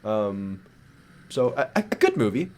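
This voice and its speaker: Animated, teasing podcast co-host man. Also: lowish voice, a little slow, a little hiss or hum. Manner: laughs often, teasing, animated. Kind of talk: casual chat.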